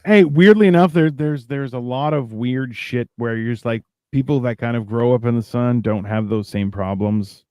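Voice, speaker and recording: A man's voice: mid-range voice, normal speed, hardly any pauses, mellow, clear, resonant tone, no echo. A man co-hosting a podcast in casual chat, a rambling storyteller who acts out other people's lines. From Canada. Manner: rambling storyteller, acts out quotes in raised voices. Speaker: podcast co-host.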